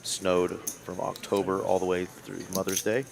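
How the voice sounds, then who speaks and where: A man's voice: low-pitched, level tone, a little slow, gravelly. A man commentating a live poker game, chatting casually and reading viewer comments aloud. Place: card room broadcast booth. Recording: crowd noise behind.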